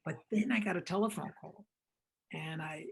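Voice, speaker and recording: Older director as interview guest, husky and gravelly, a lively raconteur who performs each quote. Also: male voice, a little high, normal speed, poor audio. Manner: lively raconteur, acts out quoted dialogue, frequent repetitions. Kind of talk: animated storytelling anecdote.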